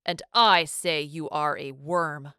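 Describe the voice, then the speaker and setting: Sickly sweet, cold female villain, low and dry-voiced; a woman narrator plays her. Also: slow, sharp tone, clear, resonant tone, no room sound, full character voice. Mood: hissing anger. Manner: falsely sweet, hissing. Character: cruel female crew leader, sickly sweet and menacing.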